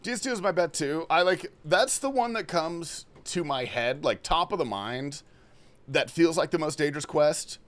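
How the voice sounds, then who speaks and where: A man's voice: a little high, lively intonation, moderate pace, fairly bright tone. A young man from Australia hosting a casual gaming livestream, reading chat questions aloud and answering loosely with plenty of swearing. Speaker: livestream host. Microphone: headphones and desk mic.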